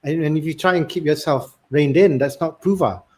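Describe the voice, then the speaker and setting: A man's voice: fairly high pitch, a little fast, heavy background noise. Jovial stammering man hosting a chat show. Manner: jovial, stammers and repeats words. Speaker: host.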